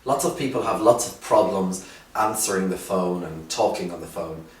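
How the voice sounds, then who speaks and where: A man teaching an English lesson, speaking slowly and clearly with emphasis on key phrases. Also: low-pitched, far from the mic. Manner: slow, clear, drawn-out teaching with rising emphasis. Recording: roomy echo, voice from off the mic.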